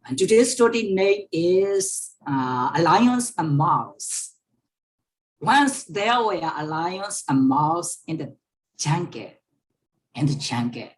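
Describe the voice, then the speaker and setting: A woman's voice: deep voice, big pitch swings, slow. A woman teacher reading a story aloud to an online class, repeating each sentence and explaining words. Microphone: online class microphone.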